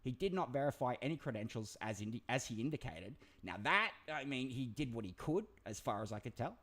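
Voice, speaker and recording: A man hosts a loose commentary chat, his voice rising and falling a lot. He talks in an excitable, rambling way and swears freely. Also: medium pitch, brisk. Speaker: commentary channel host.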